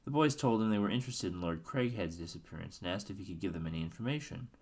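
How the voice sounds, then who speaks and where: A man's voice: low voice, animated, fast, a little mellow. A man reading a book aloud casually, now and then stumbling and correcting himself. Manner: stumbles and self-corrects, offhand asides. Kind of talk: casual read-aloud narration.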